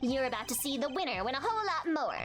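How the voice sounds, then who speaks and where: A woman's voice: high-pitched, sing-song, fast, a bit bright. A woman voicing a cocky, clueless young male prosecutor who boasts about his talent. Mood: smug. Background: game music.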